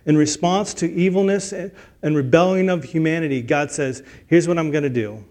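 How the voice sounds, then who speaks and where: A man's voice: on the high side, normal speed, a little mellow. A middle-aged man preaching a sermon, earnest and building to emphatic peaks, with frequent restarts. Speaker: pastor.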